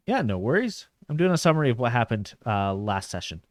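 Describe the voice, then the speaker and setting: Male streamer, casual rambling commentary, animated pitch, dry headset sound. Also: a little fast, no echo. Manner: chatty, rambling, laughs often.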